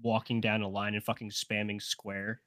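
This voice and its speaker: A man's voice: on the low side, little pitch movement, normal speed, crowd noise. A man co-hosting a podcast in casual chat, blunt and rambling with plenty of swearing. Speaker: podcast co-host.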